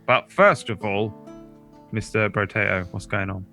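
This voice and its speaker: A man's voice: on the low side, steady tone, a little slow, sharp tone, faint music behind. A man acting as game master and host, introducing each player with loose, joking remarks as the stream wraps up. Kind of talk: casual stream outro.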